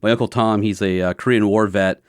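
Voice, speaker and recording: A man hosting a podcast, telling a story in an animated way and acting out the other person's lines. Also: on the low side, brisk, clear, resonant tone, no echo, studio quality. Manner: animated storyteller who acts out quotes. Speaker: podcast host. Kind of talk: casual conversation.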